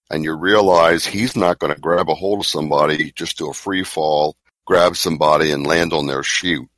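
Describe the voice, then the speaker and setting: Male co-host, very low voice, wry deadpan delivery, dry mic. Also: dry recording. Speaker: podcast co-host. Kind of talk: casual podcast chat.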